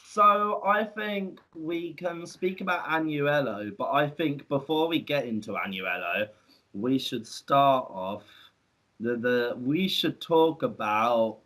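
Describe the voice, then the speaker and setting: A man's voice: mid-range voice, slow, bright, forceful tone. A man co-hosting a podcast, telling stories about farm work in a chatty, rambling way with many restarts. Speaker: podcast co-host. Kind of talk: casual storytelling.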